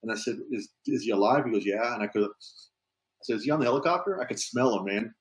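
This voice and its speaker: A man's voice: lowish voice, steady tone, fairly quick, poor audio. A police officer telling a story in a casual, easygoing way, often tossing in "man". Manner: easygoing, peppers talk with "man".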